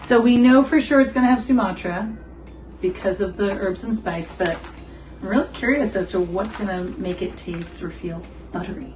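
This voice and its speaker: A woman's voice: mid-range voice, moderate pace, a little mellow, slight background noise, low-quality recording. Chatty, giggly woman hosting a coffee vlog. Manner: chatty and giggly, quizzes viewers, asides to her dog. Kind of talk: casual coffee-review vlog chat. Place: home.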